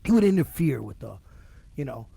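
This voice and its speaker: A man's voice: medium pitch, very animated, a little fast, vocal fry, warm tone, slightly rough, dry recording. A man on a casual podcast, ranting and swearing as he tells stories about annoying strangers. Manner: ranting, profane, quoting people in acted voices. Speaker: podcast co-host.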